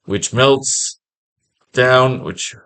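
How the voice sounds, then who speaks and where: A man's voice: medium pitch, drawn-out words, fairly bright tone, clear, resonant tone. A man teaching a comic-writing class, recapping an old story in a rambling, sarcastic and profane way.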